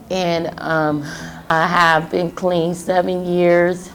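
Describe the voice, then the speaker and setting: A middle-aged woman giving an emotional personal testimony, halting and pausing often. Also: lowish voice, little pitch movement, soft background music. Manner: emotional, halting, with many pauses. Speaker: testimony speaker.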